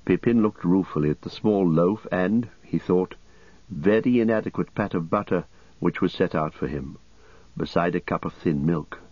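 A male narrator reading an audiobook in a low, husky voice at a steady, measured pace. The recording is dry and close, with a slightly dull sound. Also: no room sound. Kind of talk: scripted narration.

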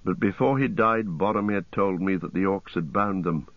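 A man playing a weary grim ranger leader, low and grave. The deep voice stays heavy and tired, heard through a dry, slightly dull audiobook recording. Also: normal speed, no room sound, lightly acted.

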